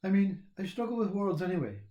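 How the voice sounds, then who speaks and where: A man, talking in a rambling, reflective monologue, laughing often and halting with fillers. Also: high voice, sing-song, warm tone. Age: 60s.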